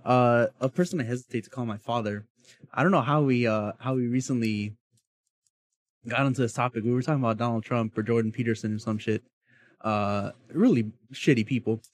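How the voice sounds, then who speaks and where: A man's voice: medium pitch, fairly quick, dry recording. A young man in casual chat, telling a story with dry, crude, sarcastic quips.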